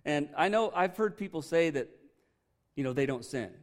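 Candid pastor preaching casually. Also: male voice, a little high, animated, moderate pace. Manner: conversational, candid, joking asides. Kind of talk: sermon.

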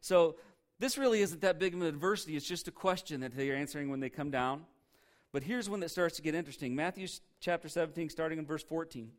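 A man's voice: a little high, quick pace. A male pastor preaching a sermon in a church, emphatic and conversational, throwing rhetorical questions at the congregation.

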